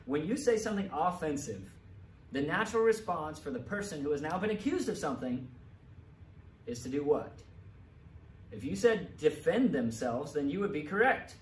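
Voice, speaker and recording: A middle-aged man delivers an earnest lecture, leaning on repeated phrases for emphasis. His voice sits a little high, and it echoes around a room from a few steps off the mic, over a faint hum. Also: expressive, normal speed. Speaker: presenter. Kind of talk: lecture talk with slides. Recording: roomy echo, mic at a distance, faint background hum.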